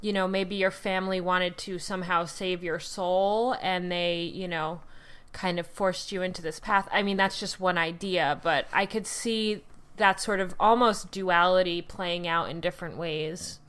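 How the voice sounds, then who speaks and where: Slow, bright-voiced woman host. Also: lowish voice, steady tone, clear, resonant tone. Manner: thoughtful, hesitant, with many fillers. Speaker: podcast host. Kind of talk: casual chat.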